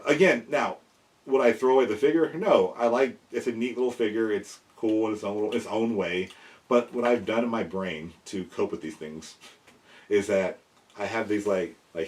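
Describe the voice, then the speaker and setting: Low-voiced man rambling about dino figures. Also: recorded from a distance. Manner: rambling, animated, self-interrupting, chuckling asides. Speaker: host explaining prehistoric animal figures. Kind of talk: casual explainer vlog.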